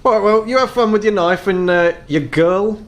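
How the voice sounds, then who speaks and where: A man's voice: high-pitched, normal speed, pitched above the performer's own voice, natural voice. Give me a man playing a tall wary elf shopkeeper, friendly banter.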